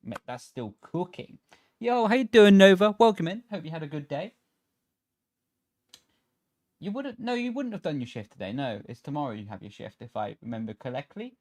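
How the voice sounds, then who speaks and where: A man's voice: fairly high pitch, very animated, normal speed, a little mellow, no room sound, clean studio sound. A man talks casually into a desk microphone while streaming a racing game from his home setup. He chats easily with viewers, greeting them by name and correcting himself mid-sentence. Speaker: game streamer and sim racer. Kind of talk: casual livestream chat while gaming. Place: home sim racing rig. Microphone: desk microphone on a stand.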